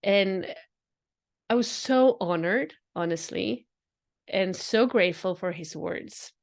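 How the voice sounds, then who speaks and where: A woman's voice: medium pitch, slow pace. Earnest woman musing on spirituality. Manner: earnest, repeats phrases, laughs often. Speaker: podcast host. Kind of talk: reflective spiritual monologue.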